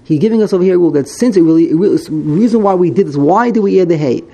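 A man's voice: sits high, very fast, creaky, mellow. A man teaching a text study class, explaining grammar as he thinks aloud, repeating and correcting himself.

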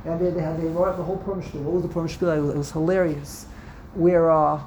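A man's voice: fairly high pitch, level tone, quick pace, a little mellow, a little hiss or hum. A man casually teaching a class, rambling and repeating words as he tells stories. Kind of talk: casual Torah discussion.

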